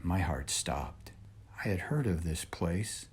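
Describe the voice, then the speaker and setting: Husky man reading a storybook. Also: sits low. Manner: measured, expressive narration. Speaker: reader. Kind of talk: storybook read-aloud.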